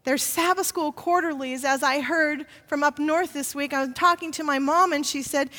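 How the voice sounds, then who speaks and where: Woman preacher; storytelling sermon, quiet asides building to forceful emphasis; reverberant hall. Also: high voice, fairly even intonation, normal speed, few pauses.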